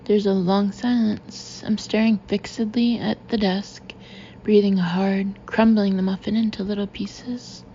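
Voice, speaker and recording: A woman narrating a novel in the first person, with an even, confiding storytelling manner. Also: medium pitch, measured pace, muffled recording, a little hiss or hum. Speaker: audiobook narrator.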